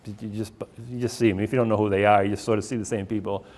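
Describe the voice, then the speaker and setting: A man's voice: on the low side, flat delivery, quick pace, a little mellow. A middle-aged man, giving a casual talk about running, full of fillers and restarts. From Boston area. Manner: rambling, anecdotal, many fillers and restarts. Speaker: author giving a library talk.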